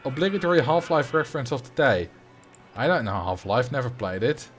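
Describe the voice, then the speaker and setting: A man's voice: medium pitch, big pitch swings, a little fast. A man streaming a game live, chatting casually and rambling as he answers his chat. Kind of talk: casual live gameplay commentary. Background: faint game music.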